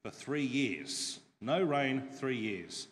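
A man's voice: mid-range voice, expressive, slow, a bit bright. A man voicing a blunt, weary old male prophet who talks in a casual, taunting way, heard with long church reverb. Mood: bold.

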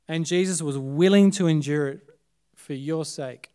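Australian male preacher, higher register, clean resonant tone, dramatic swings from forceful to hushed. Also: unhurried, clean tone. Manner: dramatic, swinging between loud emphasis and hushed, quiet phrases. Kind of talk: Good Friday sermon. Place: church service.

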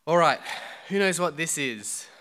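A man's voice: fairly high pitch, lively intonation, measured pace, sharp tone. A man preaching a sermon to a church congregation, chatty and joking with the people in front of him. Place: church hall.

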